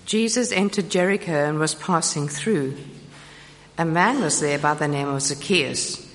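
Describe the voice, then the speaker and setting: A woman reads scripture aloud at a slow, careful pace. Her voice sits low, and it rings in a reverberant church hall with a faint hiss of background noise. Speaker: scripture reader. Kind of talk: church Bible reading.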